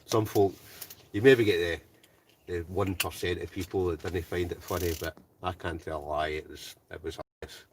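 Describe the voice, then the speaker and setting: Recorded from a distance with slight hiss or hum, a man from Scotland talks in a low voice with fairly even intonation at a moderate pace. He's running a live stream inside a hot tent, reading viewers' comments and bantering casually, frequently ending with "right?".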